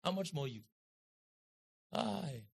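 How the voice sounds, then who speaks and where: A man preaching a sermon in an auditorium, leading the crowd in call-and-response and building to shouts and chants. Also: high-pitched, expressive, moderate pace. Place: large auditorium.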